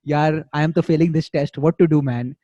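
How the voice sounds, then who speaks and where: Man mimicking a young Indian student, Indian accent, slangy, griping, quick. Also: fairly high pitch, fairly even intonation, dark tone, dry recording, muffled recording, natural voice. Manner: mocking imitation, slangy.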